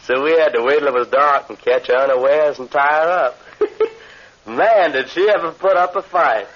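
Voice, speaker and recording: A man's voice: on the high side, moderate pace, natural voice. A man playing Skip, a folksy sidekick pilot. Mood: amused. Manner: folksy, casual slang. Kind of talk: 1940s radio acting. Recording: dull old radio recording.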